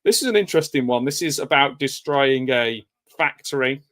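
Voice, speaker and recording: Man, film commentator, chatty watch-along, rambling, mid pitch. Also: animated, moderate pace, a bit bright. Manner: rambling, conversational, nostalgic asides.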